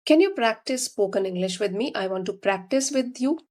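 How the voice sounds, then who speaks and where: A woman with an Indian accent teaching spoken English, explaining slowly and deliberately. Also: fairly high pitch, lively intonation, a little mellow. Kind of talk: instructional talk to learners.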